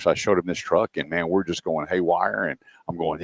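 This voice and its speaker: A man's voice: deep voice, fairly quick, dry recording, clean studio sound. A man hosting a car-business radio show, telling stories and acting out what people said. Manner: animated storyteller, acts out quotes. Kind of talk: casual talk radio chat.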